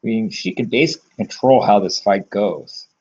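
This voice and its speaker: A man's voice: lowish voice, moderate pace, darkish tone, breathy edge, highs cut off. A man giving casual solo betting commentary, rambling through lots of fillers and restarts, blunt and sometimes swearing. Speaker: MMA betting tipster.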